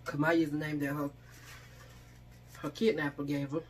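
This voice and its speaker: A vlogger tells a chatty story on camera between bites, acting out everyone she quotes. Her low-pitched voice has a flat delivery and moderate pace, over a little hiss or hum.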